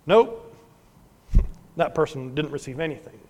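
A man preaching a sermon as pastor, earnest, swinging from emphatic to hushed. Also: high voice, animated, unhurried. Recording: long hall reverb.

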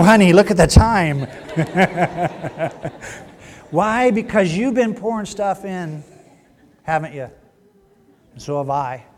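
A man preaching a sermon in a church, joking and teasing, then dropping to a hushed voice. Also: fairly high pitch. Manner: playful, teasing, swings from loud to hushed. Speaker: pastor. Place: church sanctuary.

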